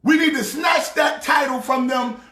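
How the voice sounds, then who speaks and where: A pastor mocking a football team in a loud comedic rant, often shouting. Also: male voice, very high voice, a little slow. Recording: echoey room.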